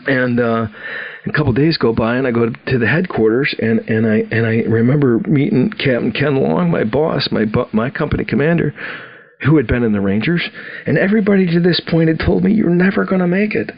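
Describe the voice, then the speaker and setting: A man's voice: medium pitch, fairly quick. A man in his sixties from Wisconsin, telling his own story on a podcast, acting out the dialogue and often restarting his sentences. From Wisconsin, USA. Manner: animated storyteller, acts out dialogue, frequent restarts. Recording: dull lo-fi audio.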